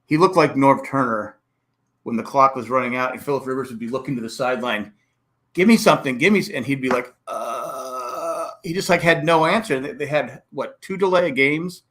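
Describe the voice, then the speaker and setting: A man hosting a casual sports podcast, talking fast and acting out coaches' and fans' reactions. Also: mid-range voice. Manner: animated, acts out coaches and fans with exclamations. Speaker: podcast host.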